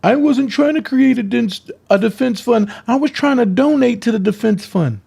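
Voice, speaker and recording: A man's voice: expressive, moderate pace, gravelly, dark tone, slightly rough, full character voice. Man mimicking a flustered, lying woman. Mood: mocking. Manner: high, whiny mimicking.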